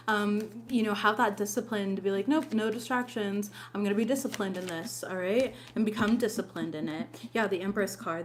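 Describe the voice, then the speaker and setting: A woman's voice: mid-range voice, slight background noise. A woman giving a casual weekly tarot reading, chatty and informal, with many fillers. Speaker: tarot reader.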